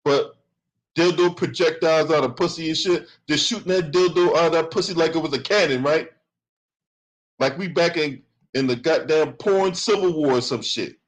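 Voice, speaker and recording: A man's voice: fairly high pitch, moderate pace, rough recording. A man hosting a commentary channel, reading from a lawsuit and breaking into profane, sarcastic rants.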